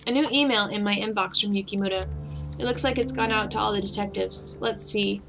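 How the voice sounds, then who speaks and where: A woman's voice: medium pitch, brisk, creaky, lightly acted, low-quality recording. Woman voicing a weary sardonic detective. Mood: bitter. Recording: background music.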